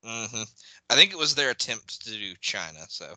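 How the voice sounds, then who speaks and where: A man hosting a casual watch-along podcast, relaxed, with laughing asides and trailing remarks. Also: medium pitch, moderate pace, dry recording, rough recording. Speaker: podcast host.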